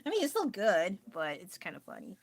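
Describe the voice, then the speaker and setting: A woman's voice: mid-range voice, wildly swooping pitch, brisk, no room sound. A woman with an American accent chatting casually on a livestream, rambling and laughing often as she answers her chat. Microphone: phone.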